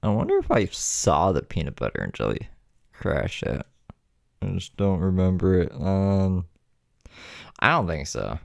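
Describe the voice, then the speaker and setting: A man with a very deep, gravelly voice joins in from elsewhere. His pitch swoops up and down a lot, and he rambles in an unsure way with frequent restarts. His sound is dry, with no room in it. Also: wildly swooping pitch, unhurried, pauses often, no room sound.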